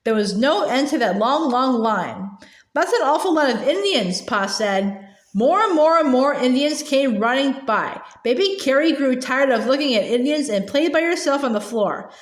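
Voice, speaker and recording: A woman reading a children's novel aloud gently, with small restarts now and then. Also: high voice, expressive, moderate pace, reverberant. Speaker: storybook reader.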